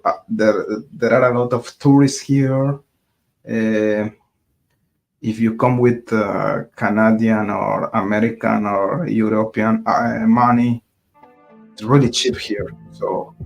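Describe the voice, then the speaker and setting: A man from Colombia, narrating a casual vlog in English and pausing often between words. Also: fairly low pitch, little pitch movement, gravelly, faint music behind. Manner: hesitant, many filler pauses. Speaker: vlogger.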